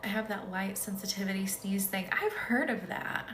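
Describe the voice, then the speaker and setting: A woman's voice: medium pitch, normal speed, background noise. Sleepy, giggly woman in an echoey room. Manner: giggly, chatty, easily set off laughing. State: sleepy and tired. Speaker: energy healer hosting a live session. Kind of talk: casual live-stream chat reading comments.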